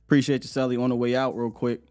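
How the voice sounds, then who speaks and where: A man hosting a live morning sports show, talking in an animated, rambling way and laughing often. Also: mid-range voice, fast talker, faint music behind. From United States.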